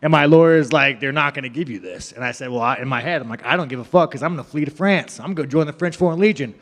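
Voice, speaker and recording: A man's voice: fairly high pitch, rapid-fire, in a large hall. A young man telling a story in a rambling, profane, casual way, with laughing asides.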